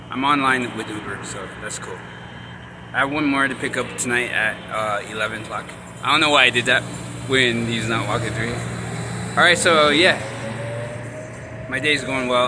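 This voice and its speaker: A man chatting casually into his phone for a vlog, rambling and restarting his sentences often. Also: medium pitch. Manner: rambling, halting with many restarts. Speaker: vlogger. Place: outdoors at an urban bus stop. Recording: street traffic noise. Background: traffic noise.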